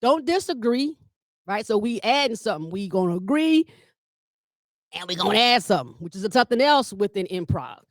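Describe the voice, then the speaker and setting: Animated woman comedian, dry close sound. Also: brisk, no room sound. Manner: lively storyteller who addresses the audience directly; acts out quoted dialogue with big pitch jumps. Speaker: comedian and family caregiver leading a workshop. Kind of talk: comedic workshop talk.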